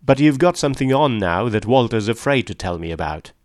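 Man voicing an arrogant domineering rich man, sneering, loud, dry close sound. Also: medium pitch, expressive, fairly quick, dry recording, close to an everyday voice. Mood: accusing.

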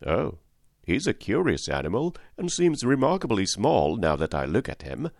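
A man's voice: fairly low pitch, huge pitch swings, normal speed, dry recording, studio quality, heavily acted. A man voicing a big, sad, cowardly lion in an audiobook reading, apologetic in manner.

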